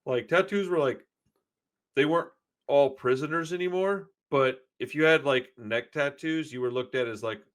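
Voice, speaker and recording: Speaking at a moderate pace and medium pitch, this 40-something podcast host chats casually. His stories run long and wander, full of cursing, and "dude" comes up again and again.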